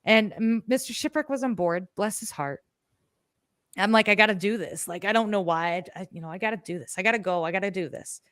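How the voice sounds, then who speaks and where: Woman podcast co-host rambling through a story, lively, cusses a lot, dry sound. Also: medium pitch, fairly quick, no echo. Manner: animated, swears freely, acts out her own past words. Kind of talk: casual storytelling chat.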